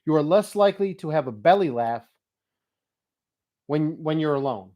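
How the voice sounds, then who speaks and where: A man's voice: on the high side, normal speed. A middle-aged man talking in a casual vlog monologue, telling funny stories, swearing freely and reading notes aloud. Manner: animated storyteller who swears and laughs freely. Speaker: motivational vlogger.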